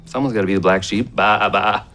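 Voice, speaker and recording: A man's voice: sits low, fairly even intonation, fast talker, creaky, fairly bright tone, faint music behind, exaggerated voice. An actor playing a dorky, socially awkward grown man who makes clunky, self-deprecating jokes.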